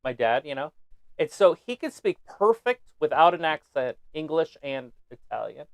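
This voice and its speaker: Man co-host, lively storyteller with swinging intonation, loose and jokey. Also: a little high, normal speed, gravelly, no room sound, studio quality. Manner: animated storyteller, jokes and swears casually. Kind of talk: casual live-stream chat.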